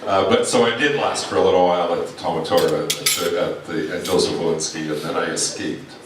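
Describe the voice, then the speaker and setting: Man, lowish voice, wry, self-mocking, reunion speech, distant mic, crowd in hall. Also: fairly quick, noisy background. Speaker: reunion speaker sharing memories. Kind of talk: humorous reminiscing speech. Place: large echoey hall at a reunion.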